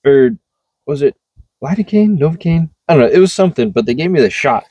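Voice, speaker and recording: A man's voice: fairly high pitch, lively intonation, a little fast, dark tone, husky, no room sound. Laid-back young man, casual co-host. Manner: laid-back, calls people dude and bro, swears casually. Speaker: podcast co-host. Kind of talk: casual chat.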